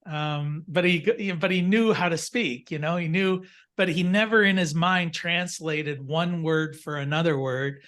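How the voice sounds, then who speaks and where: A man's voice: a little high, a little slow, fairly bright tone. An older man teaching a class over a video call, telling rambling anecdotes full of fillers and restarts. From United States. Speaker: instructor. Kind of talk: casual classroom storytelling.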